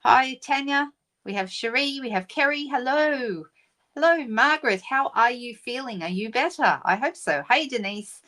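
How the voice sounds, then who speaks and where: A woman's voice: high voice, expressive, normal speed, bright, forceful tone. A middle-aged woman hosting a papercraft live stream, chatting casually and greeting viewers by name. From Australia.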